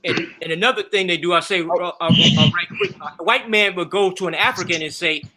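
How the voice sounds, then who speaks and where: A man's voice: high-pitched, brisk, background noise. A man on a live panel, jumping in with pointed, repeated questions. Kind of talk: heated panel discussion.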